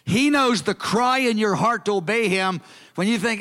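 A man in his sixties preaching a sermon to young people, earnest and emphatic, slowing down to stress key phrases. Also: sits high, a bit bright. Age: 60s. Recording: long hall reverb.

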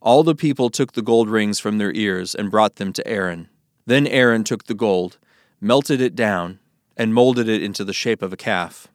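A man reading scripture aloud in a measured, solemn narration. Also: fairly low pitch, no room sound, clean studio sound. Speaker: scripture reader.

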